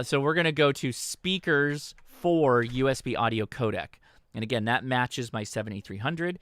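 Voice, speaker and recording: A man talking through a radio software setup on a livestream, patient and instructional, often pausing to ask "okay?". His voice sits at an ordinary pitch and sounds dry and close, with no room echo. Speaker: host. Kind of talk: livestream tutorial. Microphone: desk microphone.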